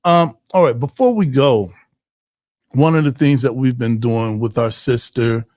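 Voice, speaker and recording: A man's voice: mid-range voice, unhurried, darkish tone, no room sound, clean studio sound. A man hosting a community livestream in a casual, joking way, reading out viewer comments with lots of fillers and restarts. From Ohio.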